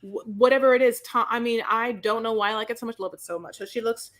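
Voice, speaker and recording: A woman's voice: a little high, steady tone, fast, a bit bright. A woman co-hosting a podcast, sassy and playful, chatting casually and calling people "honey". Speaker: podcast co-host. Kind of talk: casual chat.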